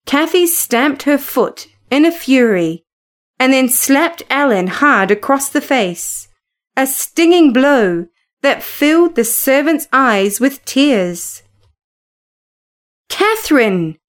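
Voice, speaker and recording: Brief: female audiobook narrator, clear and measured, slow delivery, slightly high voice. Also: expressive.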